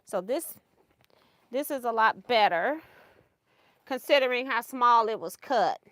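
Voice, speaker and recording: A woman's voice: a little high, animated, a little slow, fairly bright tone, no echo. A woman hosting a casual sewing livestream, chatty and laughing often as she thinks aloud over her project.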